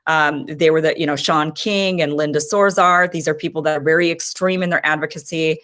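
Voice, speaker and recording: A woman's voice: low voice, fairly even intonation, fairly quick, fairly bright tone. A woman in her thirties giving impassioned, frustrated political commentary as host of her own show.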